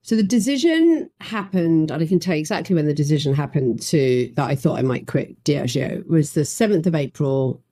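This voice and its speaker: A woman, a podcast guest telling her career story in an animated way, acting out what people said. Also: low-pitched, no echo, studio quality. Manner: animated, acts out quoted voices. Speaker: guest, facilitation trainer. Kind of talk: conversational storytelling.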